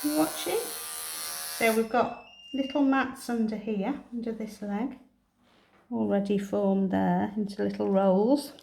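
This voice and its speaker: Slow-spoken woman groomer. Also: mid-range voice, creaky, a little hiss or hum. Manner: soothing baby talk to the cat, calm explaining to viewers. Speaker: cat groomer. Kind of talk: narrated grooming demonstration. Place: indoor grooming room. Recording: roomy room with electric clipper buzz.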